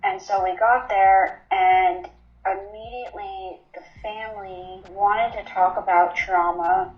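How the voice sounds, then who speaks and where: A woman's voice: mid-range voice, fairly even intonation, slow pace. Candid woman in her twenties, roomy sound. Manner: candid, matter-of-fact recounting with frequent ums. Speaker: interviewee. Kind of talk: personal story in an interview. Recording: roomy, slightly dull recording.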